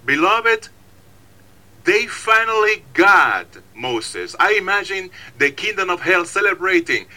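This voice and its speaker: Male preacher, slightly high voice, very bright and sharp tone, emphatic repetitions. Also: low-quality recording. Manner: emphatic, repetitive, dramatizing stories. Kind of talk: sermon.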